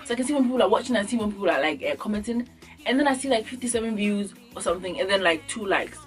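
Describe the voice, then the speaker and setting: A young woman from Ghana talks straight to her camera in a casual comedy vlog. She acts out little scenes, and her voice leaps up when she mimics people. Faint music plays quietly behind her. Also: medium pitch, rapid-fire. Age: young adult. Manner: animated, acts out little scenes with sudden jumps in voice. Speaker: beauty vlogger. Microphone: camera mic.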